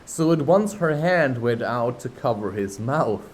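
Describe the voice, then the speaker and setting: An audiobook reader with a medium-pitched, expressive male voice works through a classic children's novel at an unhurried pace, stopping now and then for chatty asides where he laughs at himself. The recording is rough, with slight background noise.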